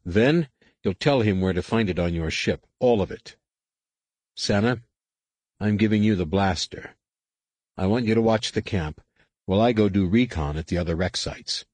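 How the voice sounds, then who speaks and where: A man's voice: on the low side, normal speed, pauses often, a little mellow, no room sound, natural voice. A man voicing a stern, commanding teenage male Jedi who speaks in a firm, clipped way.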